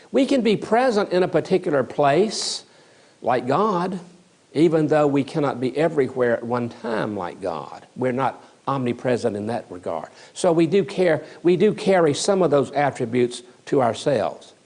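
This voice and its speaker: A man's voice: on the high side, darkish tone. A man giving a recorded theology lecture as a seminary teacher, emphatic and repeating key words for stress.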